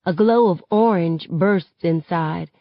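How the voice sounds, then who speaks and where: Woman reader, steady first-person narration, lo-fi and close-sounding. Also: lowish voice, slow pace, dry recording. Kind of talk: reading a novel aloud. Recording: dull lo-fi, dry sound.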